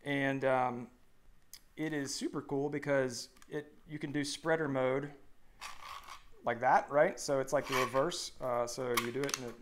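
A man's voice: mid-range voice, steady tone, unhurried, a little hiss or hum. A man in his thirties co-hosting a live stream, reading viewer comments aloud in an upbeat, joking way. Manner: upbeat, reads comments aloud, hums while scrolling. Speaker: co-host.

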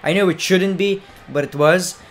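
A young man commenting on a wrestling video game, excitable and profane, sometimes doing mock announcer calls. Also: high-pitched, normal speed, a little hiss or hum. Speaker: gaming commentator. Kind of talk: let's play commentary.

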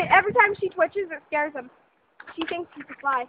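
Woman chatting, super high voice, swoopy, muffled home video w a bit of hiss. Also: animated, normal speed. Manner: chatty, amused commentary. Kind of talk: casual home video chat.

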